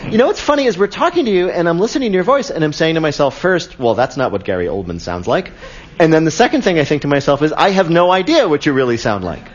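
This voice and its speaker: Lively, joking radio host man. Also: high voice, quick pace, few pauses, highs cut off. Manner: joking, laughs easily, teasing questions. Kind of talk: casual chat.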